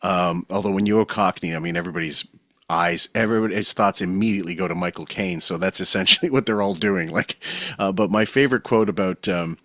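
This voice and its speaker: A man with a very deep voice hosts a podcast in casual commentary. He sounds wry and opinionated and laughs easily. The sound is dry and close. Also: quick pace, a bit bright, no room sound. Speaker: podcast host.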